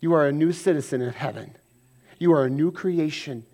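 This pastor delivers his sermon like a conversation, alternating booming emphasis with hushed asides and playing out ordinary arguments in rapid mock voices. His pitch is fairly high.

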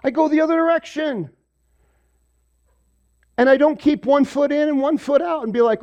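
A pastor giving a sermon, moving from quiet stretches to loud, emphatic preaching and asking his congregation questions. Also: extremely high pitch, normal speed, pauses often, highs cut off. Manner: asks the audience questions. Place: room with a congregation.

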